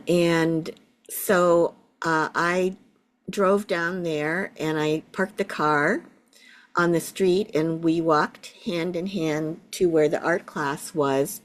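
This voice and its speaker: A middle-aged woman, a Buddhist teacher, gently telling a personal story in an interview. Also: fairly low pitch. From United States. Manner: slow, gentle, reflective storytelling.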